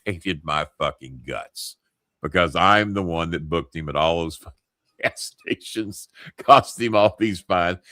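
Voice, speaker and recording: A man hosting a talk show, telling a story full of swearing and asides. His voice sits low and comes across forceful and punchy. The sound is dry and close. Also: no room sound. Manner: profane, animated anecdote-telling. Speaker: show host. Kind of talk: casual storytelling.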